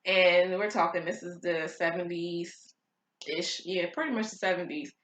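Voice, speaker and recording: A woman's voice: fairly low pitch, measured pace, a bit bright. A woman co-hosting a casual talk show, telling a family story with many fillers and asides. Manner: rambling, full of fillers and asides. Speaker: co-host. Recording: echoey, off-mic with faint noise.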